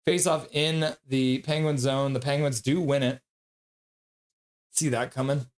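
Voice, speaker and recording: A man streaming live play-by-play of a hockey game, calling the action quickly and reading viewer comments between plays. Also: medium pitch. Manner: rapid play-by-play, bursts into loud excited voices when reading chat.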